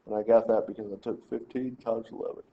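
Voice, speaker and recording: A man's voice: on the low side, little pitch movement, fast, breathy edge, phone-quality sound. A man teaching a math lesson, working through problems step by step and telling students how to lay out their work. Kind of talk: screen-recorded math lesson walkthrough.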